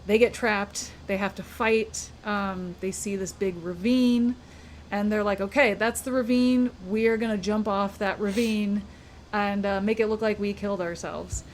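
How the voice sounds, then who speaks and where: A woman in casual conversation, recapping a story with lots of quoted character lines. Her pitch sits in a middle range. Faint noise hums under her voice. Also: steady tone, measured pace. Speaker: podcast co-host. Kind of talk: casual book discussion.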